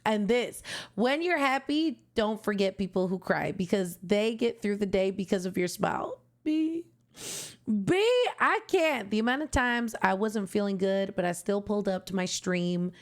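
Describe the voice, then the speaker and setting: A young woman from Canada speaks in an open, casual way as she reacts to music on her channel. Her voice is mid-pitched and heartfelt, and she gushes with feeling that rises to the edge of tears. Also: animated, moderate pace. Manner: heartfelt, gushing, tearful at times. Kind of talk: emotional casual reaction commentary.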